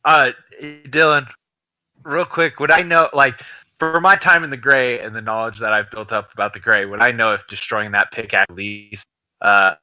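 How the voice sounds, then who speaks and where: Brief: player, very sharp bright voice, dry close mic, inquisitive. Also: male voice, medium pitch, steady tone, normal speed, no room sound, rough recording. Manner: inquisitive, working through questions. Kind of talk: casual tabletop game chat.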